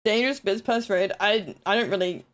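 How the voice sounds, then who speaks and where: A woman's voice: medium pitch, a little fast, fairly bright tone. A woman streaming live, chatting casually and teasingly with her viewers. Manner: confused, teasing, talking to chat. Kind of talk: casual livestream chat.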